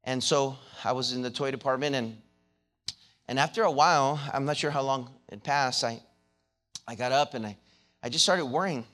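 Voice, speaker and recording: A man preaching from the pulpit, moving from a quiet personal story into a loud, climbing exhortation. His voice sits at an ordinary middle pitch. He stumbles and repeats words as he presses his points. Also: normal speed, soft background music. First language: not English. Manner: restarts and repeated words, grows louder and higher when preaching.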